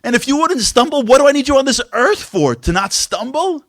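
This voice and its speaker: A man's voice: very high-pitched, big pitch swings, fairly quick, dry recording, studio quality, voice pushed up, heavily acted. A man voicing God as a loving, exasperated parent who pleads with rising emphasis. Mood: pleading.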